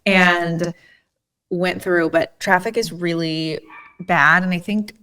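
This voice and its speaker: A woman podcast host from Indiana tells stories in a loose, chatty way. She sprinkles "like" through her sentences. Her voice sits a little low for a woman. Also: steady tone, slow, bright, forceful tone. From Indiana, USA. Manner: chatty, lots of "like" fillers. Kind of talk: casual storytelling chat.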